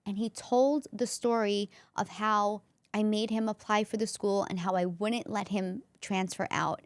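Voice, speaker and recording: A woman's voice: a little high, no echo. A woman, a comedian and former school counselor, telling a personal story as a podcast guest in an earnest, emotional way, often restarting her sentences.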